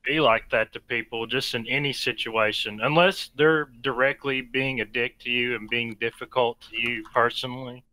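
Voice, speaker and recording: A man's voice: mid-range voice, moderate pace, few pauses, no echo, low-quality recording. A man as a podcast guest, talking casually and filling with like and you know. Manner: relaxed, many likes and you knows. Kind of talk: casual chat.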